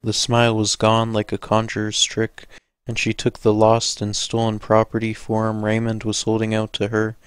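Guy reading an audiobook, steady and measured, smooth voice, dry close sound. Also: on the low side, no echo. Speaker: audiobook narrator. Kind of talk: audiobook narration.

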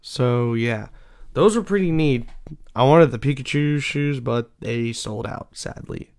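A young man talks at a slow, unhurried pace, wandering from thought to thought with plenty of fillers and false starts. His voice comes through smooth and clear as he chats casually as the host of his own show. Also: medium pitch, a little mellow. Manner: rambling, many fillers and restarts. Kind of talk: casual solo chat.

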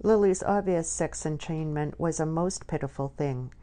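A woman reading a novel aloud in measured, scripted narration. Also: deep voice, warm tone. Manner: measured storytelling. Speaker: audiobook narrator.

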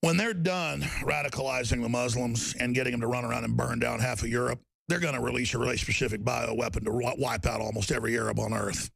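A middle-aged man hosting a talk show, delivering an impassioned ranting monologue that swings from loud outbursts to low, intense passages. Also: steady tone, fast talker, creaky, hardly any pauses, husky, no echo.

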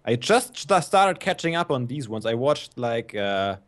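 A man's voice: medium pitch, sing-song, unhurried. A young man chatting and laughing easily with friends while they play a game. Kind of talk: casual chat while playing a game.

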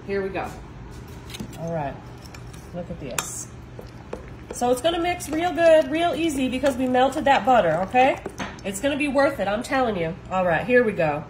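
A woman's voice: a little high, big pitch swings, normal speed, pauses often, background noise. A woman hosting a casual cooking demonstration, chatty and enthusiastic. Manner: chatty and enthusiastic, often saying "y'all". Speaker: cooking video host.

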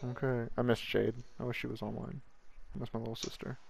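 Man with a gravelly voice. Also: medium pitch, level tone, fast, a little hiss or hum. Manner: joking, profane banter. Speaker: streamer. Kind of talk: casual gaming chat with friends.

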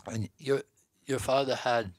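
A man's voice: mid-range voice, a little slow, no room sound. An older man from the northeastern United States, a guest telling a long hunting story in a folksy way, laughing between lines. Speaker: guest hunter. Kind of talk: storytelling in casual chat.

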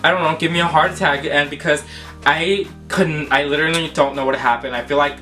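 Sassy, dramatic young man with bright voice. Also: a little high, fairly even intonation, a little fast, soft background music. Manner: sassy, dramatic and profane, with lots of fillers. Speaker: vlogger. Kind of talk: storytime vlog.

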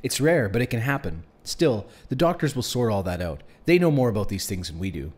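A man reading a book aloud, voicing a worried but gently reassuring mother. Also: medium pitch, big pitch swings, brisk, slightly rough. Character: worried caring mother, calm and soothing.

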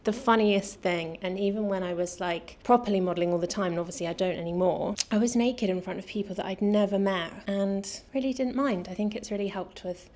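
A woman's voice: medium pitch, a little fast, hardly any pauses, a little mellow. A British woman from the UK chatting enthusiastically through a fashion haul, a little out of breath. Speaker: fashion vlogger. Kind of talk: casual try-on haul chat.

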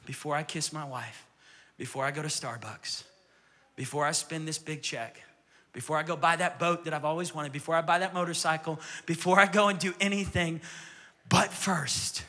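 A male pastor preaching a sermon in a church with energetic, repetitive phrasing that sometimes drops to a whisper. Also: on the high side, normal speed, big-room sound. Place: church sanctuary.

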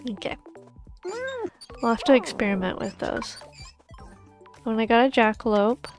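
A young woman streaming a pet game, gushing and cooing over the animals and often dropping into soft whispers. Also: a little high, fairly even intonation, moderate pace. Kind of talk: casual gaming stream chatter. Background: faint background music.

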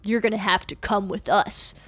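A woman voicing a stern airport security officer in a game story, speaking in a flat, official way. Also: mid-range voice, normal speed, voice pushed down, natural voice.

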